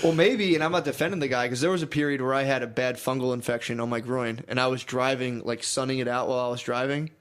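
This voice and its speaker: A man's voice: medium pitch, fairly even intonation, fast, hardly any pauses, smooth. Guy on a podcast, blunt and jokey, asks a lot of questions. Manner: blunt, joking, curious questions. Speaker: podcast co-host. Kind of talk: casual chat.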